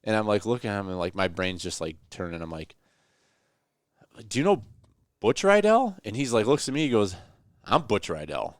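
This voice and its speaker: Guy telling a deer camp story, lowish voice, gets loud and high doing the quotes, dry sound. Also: brisk, long pauses, no room sound. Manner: animated storyteller, acts out quotes with rising voice. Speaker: hunting podcast host. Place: hunting cabin.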